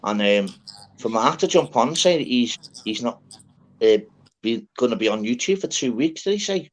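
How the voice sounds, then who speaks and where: A man hosts a loose online panel and swears freely. His pitch swings widely and his delivery is animated. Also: moderate pace. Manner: lively, laughing, sweary. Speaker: host. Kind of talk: casual chat.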